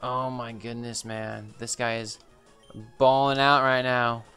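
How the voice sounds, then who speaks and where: A man's voice: medium pitch, little pitch movement, takes it slowly, pushed and bright, clear, resonant tone, faint music behind. A young man streaming a video game, reacting with frustrated outbursts, swearing and repeated exclamations as things go wrong. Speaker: gaming streamer. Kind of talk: reactive gameplay commentary.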